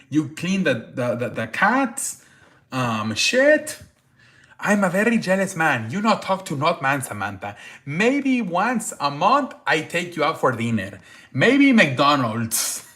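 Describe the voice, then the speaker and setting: A man's voice: a little high, fairly bright tone, exaggerated voice. A man putting on a Turkish-accented streamer guy. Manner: broken grammar, boastful and apologetic by turns. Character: brash broken-English male streamer friend.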